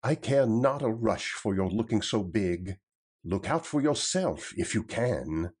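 A man voicing a sturdy, boastful tanner who talks in a loud, defiant way. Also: fairly low pitch, expressive, unhurried, breathy edge. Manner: defiant, challenging delivery, raised and louder. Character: blunt, boastful male tanner, sturdy and mocking.

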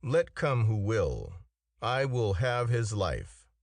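A man's voice: on the low side, wildly swooping pitch, slow pace, creaky, dry recording, heavily acted. A man voicing a furious, vengeful knight in a storybook reading, speaking in an angry, threatening way.

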